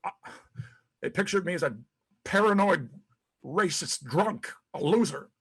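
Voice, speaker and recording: A man's voice: high voice, animated, measured pace, breathy edge, heavily acted. A man playing a paranoid old ex-president. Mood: self-pitying, bitter. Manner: profane, rambling, stammers with repeated words. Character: disgraced older male ex-president, paranoid, bitter, self-pitying. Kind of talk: dramatic monologue.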